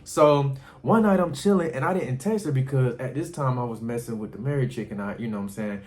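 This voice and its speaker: A young man casually telling a personal story in a slangy, profane way. He keeps calling the listener "bro" and jumps way up in pitch when he acts out his own shocked reactions. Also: a little fast, darkish tone.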